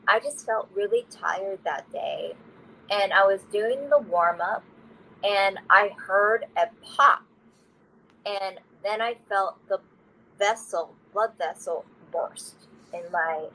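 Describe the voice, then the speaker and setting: Unhurried woman telling a candid personal story. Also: mid-range voice, a bit bright, a little hiss or hum, low-quality recording. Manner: candid, laughs through hard memories. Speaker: interview guest.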